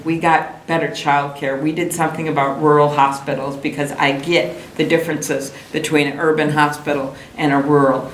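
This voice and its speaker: Low-voiced woman giving a stump speech. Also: a little hiss or hum. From Minnesota. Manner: storytelling, conversational and folksy. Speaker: political candidate. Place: rally in a room with a crowd. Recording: echoey room, faint ambience.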